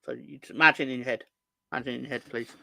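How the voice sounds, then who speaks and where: A man's voice: mid-range voice, steady tone, very fast, vocal fry, sharp tone, no echo. A young man hosting a football fan livestream, chatting casually, joking and teasing viewers as he reads their comments. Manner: joking, rambling, teasing the chat. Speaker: football fan show host.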